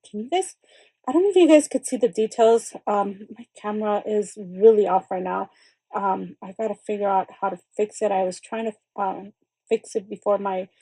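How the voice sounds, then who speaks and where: A woman's voice: medium pitch, mellow, no room sound, rough recording. A middle-aged woman hosting her craft channel, chatting casually and rambling with lots of fillers and exclamations. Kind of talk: casual unboxing chat.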